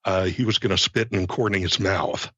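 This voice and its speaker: A man co-hosting a casual podcast, rambling and halting with lots of fillers and stutters. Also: deep voice, steady tone, fairly bright tone, no echo. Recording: dull lo-fi sound.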